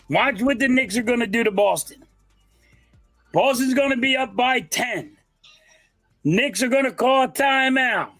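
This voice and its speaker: A man's voice: very high voice, a bit bright, no room sound. A man co-hosting a casual sports debate, making insistent, emphatic predictions. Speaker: co-host.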